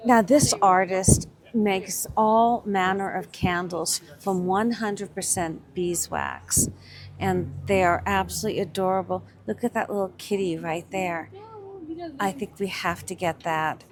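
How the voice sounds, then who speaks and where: A woman talks slowly and gushes over handmade crafts as she walks through a winter market. Her commentary is casual and enthusiastic, with a mid-range voice and an unhurried pace. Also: medium pitch. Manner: gushing, enthusiastic, admiring. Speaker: vlog co-host shopping a market.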